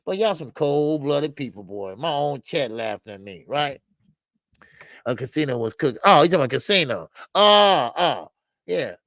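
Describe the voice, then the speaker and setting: A man's voice: normal speed, no echo. An older man hosting a boxing live stream, chatting casually with his viewers and speaking in with lots of fillers, his voice climbing when he protests. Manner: animated, repetitive fillers, rises in pitch when protesting. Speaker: boxing show host. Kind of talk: casual live-stream commentary, reacting to chat.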